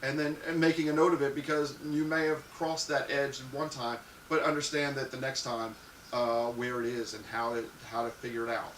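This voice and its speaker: A man hosting a live show, giving crude, frank advice to viewers and acting out loud little scenes. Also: medium pitch, little pitch movement, normal speed, distant mic. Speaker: live show host answering viewer questions. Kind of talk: casual live-stream advice talk. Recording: echoey room, off-mic, faint hiss.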